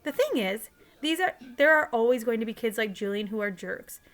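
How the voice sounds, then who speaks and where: A woman's voice: on the high side, animated, brisk, a bit bright. A woman teacher reading a novel aloud in a casual, conversational way, sometimes restarting a line.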